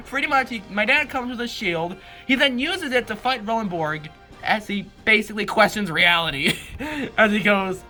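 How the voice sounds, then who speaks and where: A young woman reading her own old comics aloud, with animated, exasperated comedic commentary and laughing disbelief. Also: medium pitch, moderate pace, soft background music.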